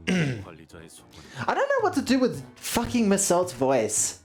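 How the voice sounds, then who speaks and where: A woman's voice: lowish voice, huge pitch swings, takes it slowly, pauses often, darkish tone, faint music behind. A woman streamer chatting casually while playing, swearing and laughing at herself. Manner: swearing, laughing, self-deprecating.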